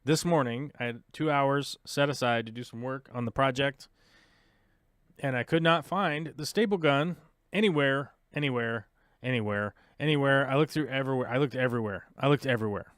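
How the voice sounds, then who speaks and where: A man hosting a casual livestream podcast, muttering and complaining to himself while he struggles with software, talking to his viewers. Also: medium pitch, moderate pace, dry recording, clean studio sound. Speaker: podcast host.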